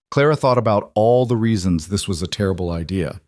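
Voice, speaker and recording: A man narrating a storybook western in an even storytelling manner. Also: fairly low pitch, brisk, no echo, clean studio sound. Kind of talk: scripted narration.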